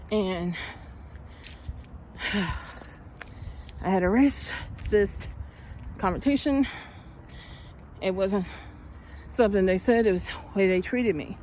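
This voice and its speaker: A woman vlogger with a mid-range, slightly mellow voice chats and tells a story while walking outdoors in a casual walking vlog. She's a little out of breath and grows heated as she goes, and there's a little hiss or hum.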